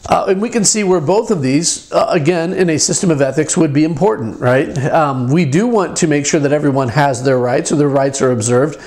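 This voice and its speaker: A middle-aged man giving an informal lecture, halting, with many fillers and restarts. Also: on the high side, darkish tone.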